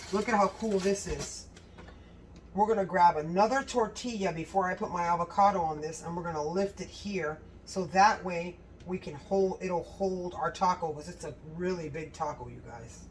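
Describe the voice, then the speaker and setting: A woman hosting a home cooking video in her kitchen, gushing with excitement and talking straight to her viewers in a casual way. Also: lowish voice, distant mic, slight background noise, poor audio. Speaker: cooking channel host.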